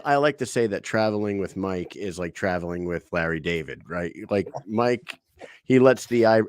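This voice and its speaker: Casting: man with a lower voice, casual storytelling podcast host, dry sound. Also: dry recording. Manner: storytelling, animated. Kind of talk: casual interview chat.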